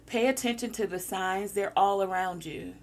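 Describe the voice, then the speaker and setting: A woman's voice: medium pitch, normal speed. A woman giving a spiritual encouragement talk, coaching listeners through breathing exercises. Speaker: spiritual guide.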